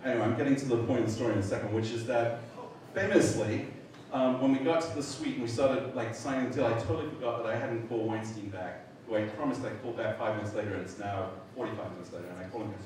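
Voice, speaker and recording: Animated man speaking in an echoey hall. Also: fairly low pitch, quick pace. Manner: animated storyteller, swears, acts out voices, laughs. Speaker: memorial speaker. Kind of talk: anecdote told at a memorial. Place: large event hall. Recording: echoey hall from far off, noisy.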